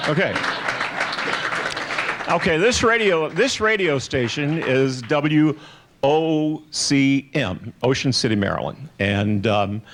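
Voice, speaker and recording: A man's voice: mid-range voice, slight background noise. A man in his sixties giving a candid, joking keynote speech at a conference. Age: 60s. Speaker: keynote speaker.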